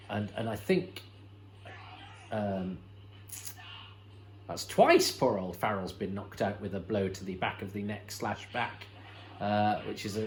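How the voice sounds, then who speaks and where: A man's voice: lowish voice, low-quality recording. A man hosting a watch-along, commenting on an old episode in a chatty, enthusiastic way with many fillers and restarts. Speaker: host.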